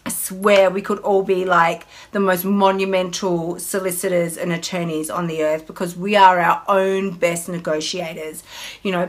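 A woman's voice: fairly low pitch, little pitch movement, moderate pace. Chatty, candid woman host. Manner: candid, chatty, emphatic, with acted inner dialogue. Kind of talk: casual live-stream talk on emotional eating.

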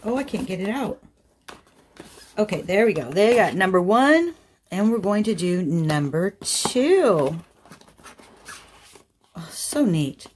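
A woman crafting vlogger chatting casually through an unboxing, gushing with excited exclamations. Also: fairly low pitch, slight background noise.

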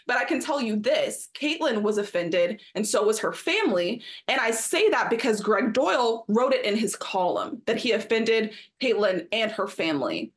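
A woman's voice: fairly high pitch, very animated, normal speed, few pauses. Emphatic woman co-hosting a sports show. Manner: emphatic, opinionated, acts out quotes in mocking voices. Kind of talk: studio discussion.

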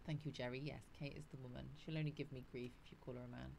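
A woman's voice: extremely low pitch, fairly even intonation, racing, creaky, darkish tone, slight background noise. A woman on a casual livestream, chatting breezily, greeting viewers by name and laughing often. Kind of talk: casual live chat reading out viewer comments.

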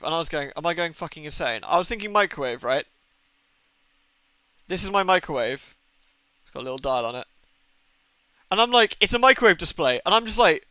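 A young man chats loosely to his viewers while playing a game, with frequent cursing and exasperated tangents. His voice sits a little high for a man and sounds bright and crisp. It is recorded dry and close, with faint game music underneath. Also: very animated, brisk, no echo. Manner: swears often, rambling and exasperated, talks to chat. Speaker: streamer. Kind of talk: casual live-stream chat while gaming.

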